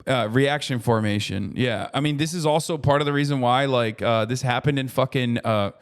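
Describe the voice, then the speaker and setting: A man's voice: medium pitch, moderate pace, clean tone. A man in his thirties streaming casual political commentary, ranting with heavy profanity.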